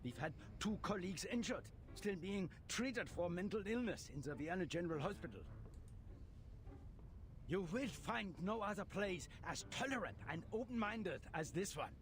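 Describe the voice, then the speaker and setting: A man's voice: sits high, lively intonation, moderate pace, faint music behind. An actor voicing a stern male officer of arcane regulation, speaking formally with a forced German accent. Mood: lecturing. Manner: formal, lecturing.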